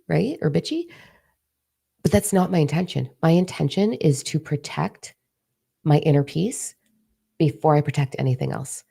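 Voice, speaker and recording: Casting: woman vlogger and coach, gravelly fry, blunt, swears freely. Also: very deep voice, warm tone. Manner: emphatic, candid, swears freely. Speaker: retreat host and coach. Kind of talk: casual direct-to-camera vlog talk.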